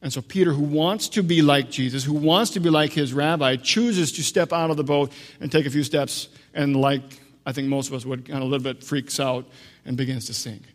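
Male preacher, conversational sermon delivery with asides; fairly high voice; long reverb of a church sanctuary. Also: steady tone. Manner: conversational preaching, unhurried, frequent restarts and asides. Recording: long echo of a large hall.

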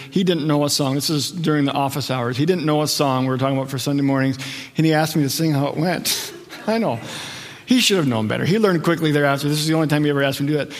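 A man's voice: a little high, in a large hall. A middle-aged man preaching a sermon, telling stories in a conversational way and acting out quotes. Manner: conversational storytelling with acted quotes. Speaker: pastor.

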